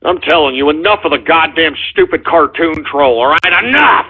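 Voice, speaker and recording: A high-voiced male call-in radio host with a husky edge. He talks in a profane, exasperated rant. The audio is thin and phone-like. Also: normal speed.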